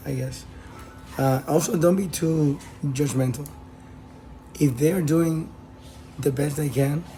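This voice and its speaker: Man host, casual advice talk; slightly raised pitch, warm mellow timbre, hesitant delivery, faint music bed. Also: rough recording. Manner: hesitant, many fillers and restarts.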